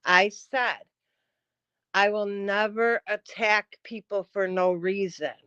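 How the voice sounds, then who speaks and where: A woman's voice: mid-range voice, fairly even intonation, slow, sharp tone, smooth, no echo, muffled recording. A woman livestreaming in a casual rant, combative and profane, answering her chat.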